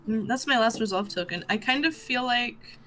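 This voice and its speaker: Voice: medium pitch, normal speed, sharp tone, faint music behind, rough recording. A player in a tabletop role-playing game, speaking playfully. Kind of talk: tabletop role-play chat.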